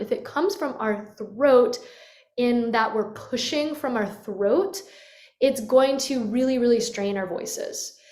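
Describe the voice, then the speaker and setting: Brief: woman voice teacher, slightly high voice, demonstrative with yawns and sighs, webcam in a reverberant room. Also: a little mellow. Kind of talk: guided vocal lesson. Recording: echoey room.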